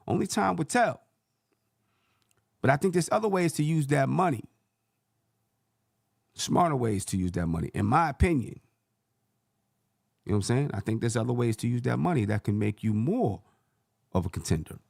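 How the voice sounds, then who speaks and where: A man's voice: mid-range voice, very animated, fairly quick, creaky, pauses often, darkish tone, no room sound, studio quality. A man hosting a sports channel, rambling through casual basketball commentary and correcting himself as he thinks aloud.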